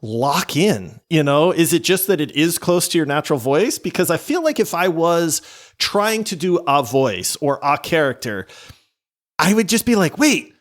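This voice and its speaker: A man's voice: a little high, lively intonation, moderate pace. A man hosting a gaming podcast, asking long rambling self-deprecating questions. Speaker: podcast host. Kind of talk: casual podcast interview.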